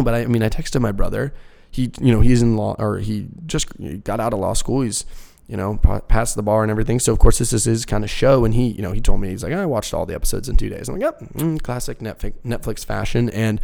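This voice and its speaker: A man's voice: lowish voice, vocal fry. A young man hosting a casual talk show, ranting profanely and acting out other people's voices as he goes. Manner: profane, animated, mimics voices mid-rant. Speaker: podcast host.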